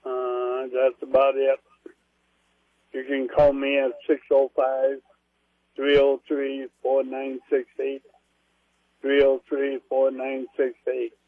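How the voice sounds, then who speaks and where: Flat-voiced male caller on a dull line. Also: medium pitch, takes it slowly, long pauses, no room sound. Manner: flat, matter-of-fact listing of items. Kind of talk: phoned-in listing.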